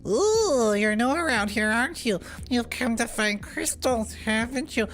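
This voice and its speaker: Fields: Sex: man. Figure: fantasy shopkeeper. Style: high, sing-song sales patter. Acting: a man putting on the voice. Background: faint music. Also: animated, a little slow, a bit bright, heavily acted. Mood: salesy. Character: eager fantasy shopkeeper hawking gear.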